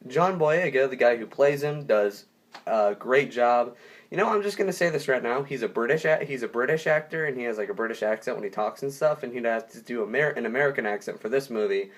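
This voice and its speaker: An enthusiastic young man talks through a movie review in a loose, unscripted way. He piles on superlatives and often backs up to restart a sentence. His voice sits at an ordinary middle pitch. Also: animated, brisk. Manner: enthusiastic, rambling with frequent restarts. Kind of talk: casual spoken review.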